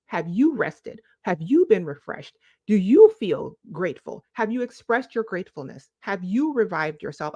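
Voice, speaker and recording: A lifestyle vlogger with a medium-pitched voice gives a casual motivational talk to camera, recorded without echo. She's a bit preachy, affectionately calls viewers "boo-boo," and stretches out words for emphasis.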